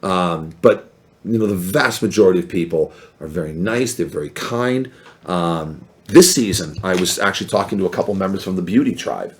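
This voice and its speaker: A man chatting as a podcast guest, telling animated stories and acting out what other people said. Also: low voice, normal speed. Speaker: podcast guest, former reality show contestant. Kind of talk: casual storytelling chat.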